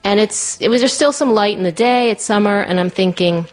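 A woman telling a personal story in a chatty way, full of "like" and "you know", jumping up high when she acts out voices. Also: brisk, faint music behind. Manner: lively, acts out quoted voices in a much higher pitch.

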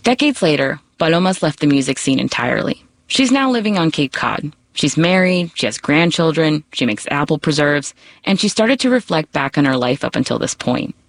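A woman reporter narrating a scripted radio news feature in a measured, storytelling way. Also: low-pitched, sing-song, no room sound.

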